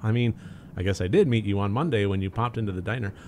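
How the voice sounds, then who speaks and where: A man's voice: lowish voice, fast talker, darkish tone, slight background noise, close to an everyday voice. A man voicing a chipper, over-eager young woman housecleaner who gushes and chatters. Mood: bubbly. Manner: bubbly, gushing.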